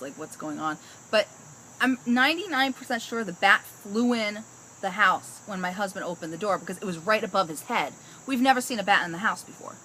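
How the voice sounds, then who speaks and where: A woman's voice: medium pitch, pushed and bright, a little hiss or hum, rough recording. A woman vlogger telling a story casually, chatty and exasperated, rambling along.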